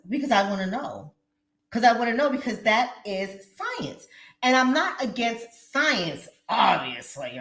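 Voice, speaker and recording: A woman hosting her channel, chatting casually and talking straight to her viewers in an animated way. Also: mid-range voice. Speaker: channel host. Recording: roomy echo.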